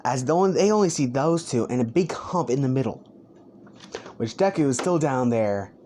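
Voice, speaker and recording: A man's voice: medium pitch, expressive, normal speed, dark tone, a little hiss or hum. A young man improvising a crude fan story, rambling, swearing and stumbling over names.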